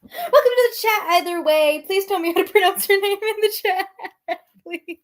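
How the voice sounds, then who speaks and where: Woman streamer, high voice, casual profane commentary, snarky. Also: animated, normal speed. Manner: profane, sarcastic, reacts to chat.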